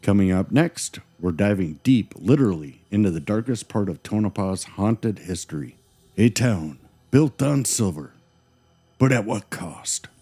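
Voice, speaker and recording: A man's voice: on the low side, animated, measured pace, dark tone, slightly rough. A man co-hosting a paranormal podcast, telling eerie stories with dramatic, teasing delivery. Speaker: podcast co-host. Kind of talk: scripted paranormal podcast chat.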